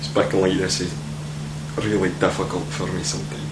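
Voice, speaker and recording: Man faking a gruff Scottish ned, low-voiced, echoey room with hum. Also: flat delivery, moderate pace, natural voice. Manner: gruff, sweary.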